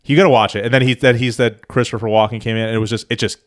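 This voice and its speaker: A man's voice: mid-range voice, steady tone, very fast. A young man from Long Island, co-hosting a podcast in a rambling, laughing way full of fillers. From Long Island, New York. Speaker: podcast co-host. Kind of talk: casual chat.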